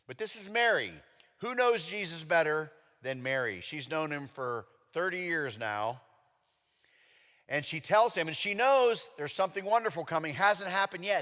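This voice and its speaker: A male pastor with a fairly high, bright voice preaches a sermon in a church sanctuary, and the recording echoes like a church hall. He tells the story with jokes, acting out each of the characters.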